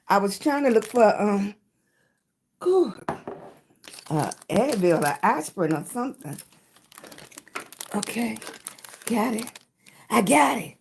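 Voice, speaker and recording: A woman's voice: fairly high pitch, a little hiss or hum. A woman with a Southern US accent hosting a casual livestream chat, greeting viewers by name on her phone. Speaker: livestream host.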